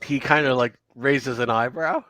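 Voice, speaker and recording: A man's voice: mid-range voice, normal speed, dry recording. Man running a tabletop game. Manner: relaxed, with many fillers. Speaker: game master.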